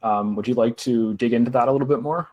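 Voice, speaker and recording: A man's voice: medium pitch, quick pace, a little mellow, lo-fi sound. A man hosting a podcast interview, asking questions hesitantly with fillers. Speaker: podcast host.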